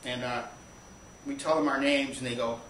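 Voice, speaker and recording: A man's voice: mid-range voice, steady tone, a bit bright, slight background noise. Rambling male storyteller in an echoey room. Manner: rambling, anecdotal, halting with restarts. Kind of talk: live stage storytelling. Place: small theater stage. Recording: echoey live room from far off.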